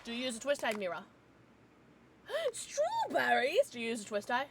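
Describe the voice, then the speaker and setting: A young American woman streaming casually, chatting with viewers in an animated, ranting way and laughing often. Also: fairly high pitch, very fast, noisy background. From United States. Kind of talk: casual livestream chat with viewers.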